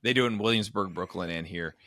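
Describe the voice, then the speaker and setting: Bright-voiced man telling a story. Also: fast talker, no echo, clean studio sound. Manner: animated storyteller, acts out quoted people in higher voices. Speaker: podcast co-host, comedian. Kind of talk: casual chat, storytelling.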